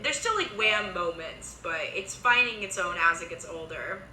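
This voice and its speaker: A young woman casually recapping a TV series, chatty, with quick asides and lots of filler words. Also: fairly low pitch, pushed and bright, echoey room, a little hiss or hum, poor audio.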